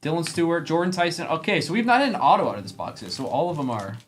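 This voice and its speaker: Man rattling off card names fast. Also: on the high side, very animated, over music. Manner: rapid name roll-call of cards. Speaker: card break host. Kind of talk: live card break commentary.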